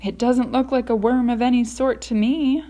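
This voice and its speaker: A woman's voice: fairly high pitch, steady tone, moderate pace, mellow, voice pushed up, lightly acted. A woman voicing a curious, polite young boy in a storybook reading. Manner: questioning, polite.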